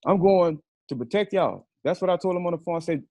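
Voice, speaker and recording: A man's voice: high-pitched, brisk, a little mellow, no room sound. A man being interviewed, telling a story in a casual, profane way and acting out the phone calls he quotes. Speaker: interview guest.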